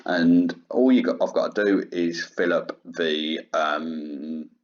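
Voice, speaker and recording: Man doing a casual storybook king, offhand, low and unhurried, muffled sound. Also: steady tone. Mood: breezy. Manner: offhand and breezy. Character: pleased, careless male king of old. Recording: dull lo-fi sound.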